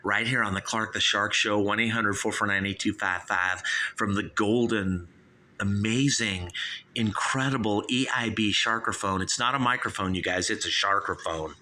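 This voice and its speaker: A man's voice: on the low side, normal speed, sharp tone. A man hosting his own call-in show, rambling through a comic monologue, acting out both sides of made-up chats and plugging the phone number again and again. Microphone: studio microphone.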